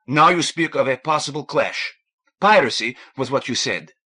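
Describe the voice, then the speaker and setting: A man's voice: mid-range voice, animated, normal speed, sharp tone, breathy edge, voice pushed up. A man voicing a big, bearded male gunner who speaks bluntly and insistently.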